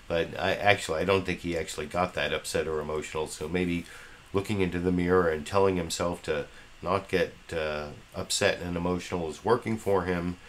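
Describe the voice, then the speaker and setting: A man's voice: sits low, fairly bright tone. A man hosting a live political commentary show, talking casually with many fillers and restarts.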